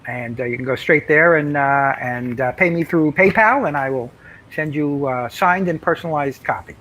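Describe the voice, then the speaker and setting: A man's voice: on the high side, moderate pace, fairly bright tone, low-quality recording. An older man, a comics writer, telling anecdotes in casual interview chat, rambling with many fillers and restarts.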